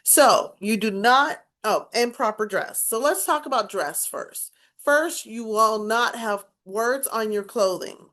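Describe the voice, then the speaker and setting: A woman's voice: fairly high pitch, slow pace, hardly any pauses, a bit bright. A woman speech instructor giving a recorded class lecture, explaining and demonstrating points with emphatic, varied inflection.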